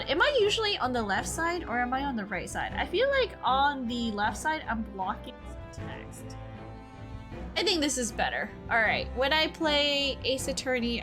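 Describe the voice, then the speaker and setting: A woman's voice: a little high, sing-song, moderate pace. A woman streamer chatting live over gameplay, playful, laughing often and insistent when she argues with chat, with faint game music behind her.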